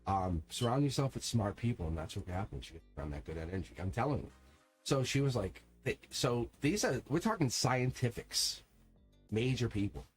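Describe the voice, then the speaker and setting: A middle-aged man at an ordinary pitch, talking loosely and telling a story as a tarot reader on a live stream. He rambles, restarts and laughs as he goes, with faint music playing under him. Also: animated, moderate pace, slightly rough. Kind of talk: casual live-stream chat.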